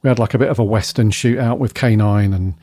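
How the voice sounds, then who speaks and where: Male podcast co-host, mellow voice, dry jokey asides, close dry sound. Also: fairly low pitch, fast talker, dry recording. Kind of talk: casual review chat.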